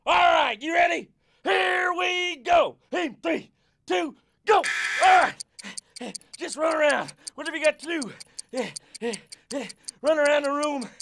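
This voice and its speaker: An actor playing a goofy, hyper male sports coach who loudly leads kids through a workout in an educational video. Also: extremely high pitch, slow, vocal fry, a little hiss or hum, exaggerated voice. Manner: loud, pep-talking, bossy and playful. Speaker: fitness coach.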